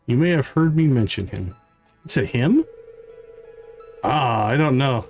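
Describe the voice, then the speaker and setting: Man reading game dialogue with lively pitch. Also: normal speed, long pauses, faint music behind. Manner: reads dialogue with varied character voices, asides. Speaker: streamer voicing game dialogue.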